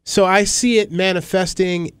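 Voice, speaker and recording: A middle-aged man talking candidly as a guest in an interview, rambling and animated as he tells stories. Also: high voice, normal speed, smooth, no room sound. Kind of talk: conversational interview.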